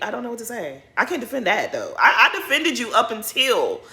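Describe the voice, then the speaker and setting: A woman's voice: on the high side, sharp tone. A woman hosting a casual TV recap, sassy and emphatic, repeating her points. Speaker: recap host.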